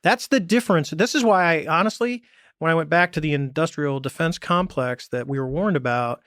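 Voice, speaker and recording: Man, podcast guest, animated storyteller, blunt, fairly high voice, dry close sound. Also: brisk, dry recording. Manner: animated storytelling, acts out quoted dialogue; blunt, swears casually. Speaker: podcast guest, former navy pilot. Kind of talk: casual conversation.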